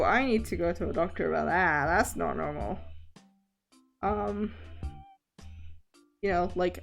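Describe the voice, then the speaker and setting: Young woman streamer rambling slow while she draws, laughs a lot, swears casually, quiet music in the back. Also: medium pitch. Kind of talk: casual chat on a drawing stream. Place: home streaming setup. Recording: faint background music.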